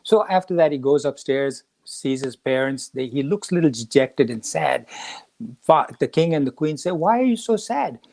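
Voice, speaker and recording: A man hosting a talk on the Gita, telling a story and acting out the quoted lines with lively shifts of voice. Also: mid-range voice, moderate pace, vocal fry. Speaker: podcast host teaching the Gita.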